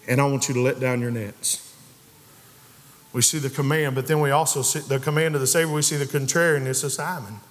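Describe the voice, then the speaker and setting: A fairly high-voiced man preaches to a congregation, pressing each point with rising emphasis and slipping into the voices of the people in his story. His words ring out with a long reverb through the church sanctuary. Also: brisk. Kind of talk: sermon.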